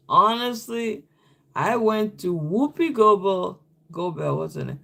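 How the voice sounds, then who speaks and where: A man hosting a live stream, rambling through a story in easy, casual talk. His voice is gravelly with plenty of fry, pitched slightly high for a man, and his pace is unhurried. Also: lively intonation, bright, forceful tone.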